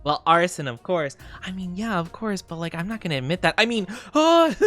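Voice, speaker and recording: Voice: mid-range voice, animated, brisk, sharp tone, soft background music. A VTuber streamer in a casual, playful livestream chat, greeting viewers and rambling with giggles and fillers.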